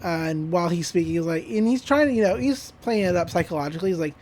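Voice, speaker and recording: A man's voice: sits high, expressive, fast, darkish tone. A man on a podcast casually recapping an anime episode, rambling with fillers and the odd laugh. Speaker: podcast co-host.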